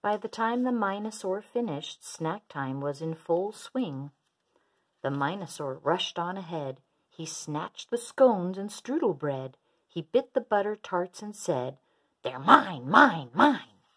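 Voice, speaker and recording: A woman reading a children's rhyming picture book aloud in an expressive, sing-song way. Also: lowish voice, measured pace. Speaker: storyteller.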